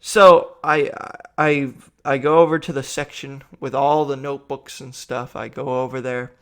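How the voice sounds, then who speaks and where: A man's voice: medium pitch, level tone, moderate pace, a bit bright, clear, resonant tone. A young man telling a rambling, profane story about a store trip, sounding tired and exasperated. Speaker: vlogger. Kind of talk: rambling comic rant.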